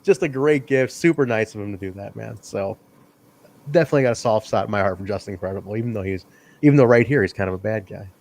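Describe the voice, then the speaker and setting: A man hosting a casual wrestling review podcast, excitable and laughing often as he tells stories. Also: lowish voice, quick pace. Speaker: podcast host.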